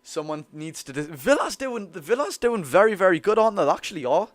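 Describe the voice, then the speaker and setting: Chatty young Geordie fan streamer. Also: male voice, high-pitched, fast, a little hiss or hum. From North East England. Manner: chatty, excitable, reads chat aloud. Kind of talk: casual live watch-along chat.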